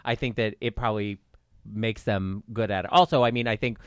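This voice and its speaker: A man co-hosting a podcast, talking thoughtfully with halting rephrasing. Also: lowish voice, fairly even intonation, fairly bright tone, smooth, no room sound, studio quality. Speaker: podcast co-host. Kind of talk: casual podcast chat.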